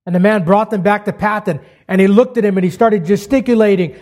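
Male pastor, slightly high voice, sermon delivery with strong swells and hushed drops. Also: fairly even intonation. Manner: builds to loud, high emphatic peaks, then drops to hushed, slow lines.

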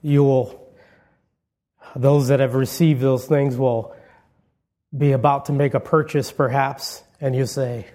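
A male pastor giving a funeral eulogy sermon in a church, telling stories in a conversational way with gentle humor and frequent restarts. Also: medium pitch, steady tone, slow, long pauses. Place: church sanctuary.

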